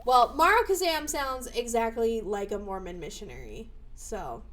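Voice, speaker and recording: A young woman streaming live, chatting casually, bubbly and excitable with sudden squeals. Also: on the high side, normal speed, a little hiss or hum.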